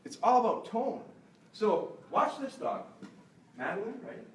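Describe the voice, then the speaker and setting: Middle-aged man dog trainer, lively up-and-down voice, fairly high, echoey hall, off-mic. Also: unhurried. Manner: chatty, joking, jumps to high excited praise voice. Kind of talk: live training seminar. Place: large store hall with audience. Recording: roomy echo, mic at a distance.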